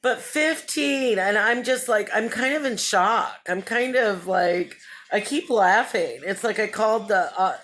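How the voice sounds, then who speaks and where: A woman's voice: medium pitch, measured pace, a bit bright. Chatty woman vlogger, laughing often. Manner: chatty, rambling storytelling with frequent laughter; acts out other people's lines in the story. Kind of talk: casual vlog update.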